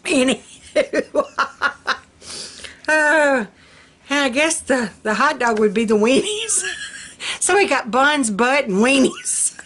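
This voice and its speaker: A woman's voice: high-pitched, lively intonation, slow pace, pauses often, fairly bright tone. Giggly folksy woman vlogger. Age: older. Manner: giggly, folksy, laughs often at her own jokes. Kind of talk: casual chat to camera.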